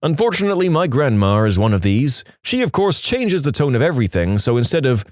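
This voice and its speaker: A man narrating reddit stories, telling them with lively storytelling and a mocking tone. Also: medium pitch, brisk, no echo, clean studio sound. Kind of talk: reading reddit stories aloud.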